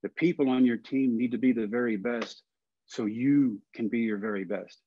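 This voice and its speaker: A man in his forties from Texas, a podcast guest telling a long personal story in a folksy, animated way and acting out the voices of the people in it. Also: mid-range voice, normal speed, dull audio, slight background noise.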